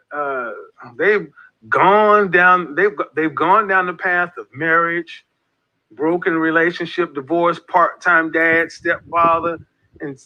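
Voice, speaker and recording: A man giving an impassioned, preachy monologue as an online group leader, repeating his points with emphasis. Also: sits high. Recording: dull lo-fi audio.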